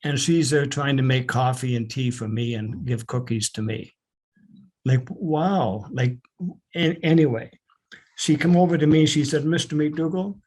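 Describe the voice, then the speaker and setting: An older man from Canada speaks as a guest on a podcast. He tells a story earnestly, stopping and restarting, and his moderate-pitched voice carries quiet emotion. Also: husky. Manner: earnest, halting, emotional retelling. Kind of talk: storytelling in an interview.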